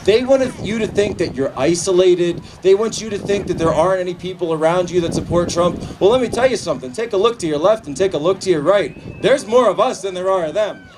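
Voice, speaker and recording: A man giving a political rally speech outdoors, shouting to a crowd and leading chants. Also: high voice, fairly quick, hardly any pauses, far from the mic. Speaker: rally speaker. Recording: loud crowd and outdoor noise. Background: cheering crowd.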